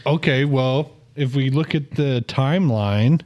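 A man co-hosting a casual podcast chat, jokey and clearing his throat, saying he is losing his voice. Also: mid-range voice, measured pace, a little mellow, slight background noise. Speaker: podcast co-host.

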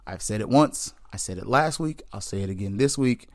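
A man with a lowish voice hosts a casual sports podcast, talking straight to his listeners. He is candid and joking, and he often laughs at his own jokes. The sound is close and dry with no room around it. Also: animated, fairly quick, no room sound. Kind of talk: casual sports commentary chat.

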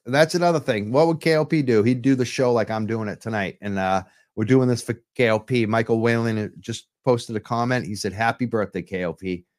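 A man's voice: mid-range voice, fairly quick, hardly any pauses, darkish tone. A man from hosting a live-streamed talk show from home, speaking with urgent, impassioned advocacy into his computer mic while on camera. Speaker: livestream show host. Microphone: computer mic while on webcam.

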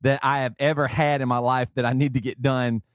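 A man with a Southern accent hosting a podcast, talking in a rambling, excitable way and laughing often. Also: medium pitch, brisk, no echo, studio quality. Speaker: podcast host. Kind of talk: casual chat.

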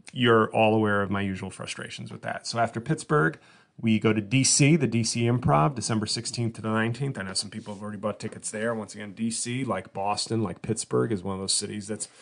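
A man's voice: medium pitch, gravelly, fairly bright tone. A man hosting his own comedy podcast from a home studio, talking casually and rambling with lots of restarts. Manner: rambling, self-interrupting, mock-whiny when imitating fans. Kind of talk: casual solo podcast monologue.

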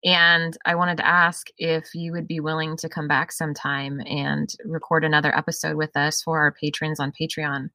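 A woman's voice: low voice, level tone, moderate pace, few pauses, sharp tone, dry recording. A woman hosting a podcast, thanking her guest and chatting casually with short friendly replies. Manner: friendly listener, brief affirmations. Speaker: podcast host.

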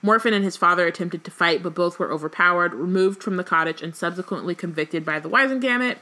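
A measured elderly headmaster explaining events, read by a woman. The voice is low for a woman, with a bright tone. It is a storybook reading. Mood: calm.

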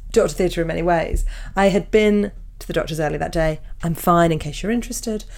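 A woman's voice: lowish voice, a little fast, gravelly. A woman co-hosting a podcast in casual chat, playful and giggly, often correcting herself mid-sentence. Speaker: podcast co-host.

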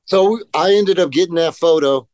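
A man's voice: a little high, normal speed, a little mellow, no echo. A man telling skateboarding stories in a casual podcast interview, rambling and profane, acting out quotes. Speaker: guest, professional skateboarder.

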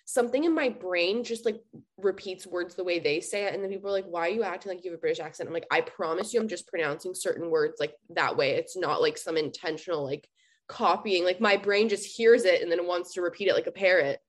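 A woman's voice: lowish voice, a little fast. A woman hosting a casual interview, talking loosely with lots of filler words. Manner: relaxed, filler-heavy with frequent "like", laughs readily. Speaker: host.

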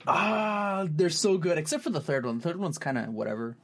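A man co-hosting a casual podcast, animated, his voice swinging high and low, swearing casually. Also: a little fast. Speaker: podcast co-host. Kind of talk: casual chat.

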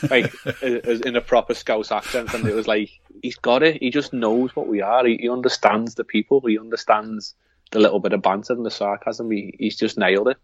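A man's voice: fairly low pitch, steady tone, fairly quick, slight background noise. A man with a Liverpool accent co-hosting a podcast in rambling casual chat, often restarting his sentences. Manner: rambling, hesitant, with frequent restarts and fillers. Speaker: podcast co-host.

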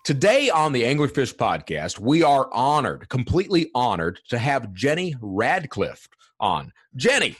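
A man hosting a podcast, eager and quick to laugh as he interviews his guest. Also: mid-range voice, big pitch swings, fairly bright tone, slightly rough. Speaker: podcast host.

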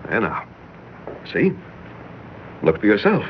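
Fearful, strict 1950s father, animated, on a muffled radio recording. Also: lowish voice, takes it slowly. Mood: frantic. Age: middle-aged. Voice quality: lively, urgent delivery. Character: paranoid middle-aged father, strict, fearful of son. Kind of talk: 1950s radio drama acting. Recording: dull old radio broadcast with hiss.

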